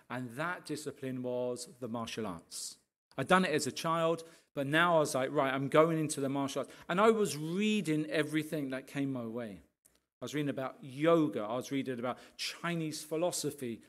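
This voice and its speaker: A man, a pastor, giving a lively sermon testimony full of asides to his listeners and passionate outbursts. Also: on the high side. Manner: animated storytelling, rising to impassioned rants with frequent asides to the audience.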